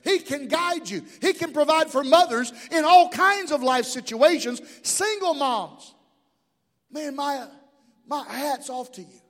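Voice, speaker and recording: A man's voice: very high voice, animated, unhurried, fairly bright tone. A middle-aged man pastor preaching a sermon in a church, impassioned, with call-and-response asides. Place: church sanctuary. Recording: long hall reverb.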